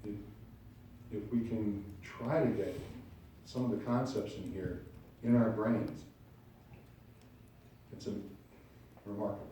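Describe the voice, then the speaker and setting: A pastor preaching a sermon in a church sanctuary, heard from a distance in a very echoey room. His voice is mellow and mid-pitched, and he acts out small scenes as he tells stories. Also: takes it slowly, pauses often, slight background noise. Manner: animated storytelling preacher, acting out little scenes.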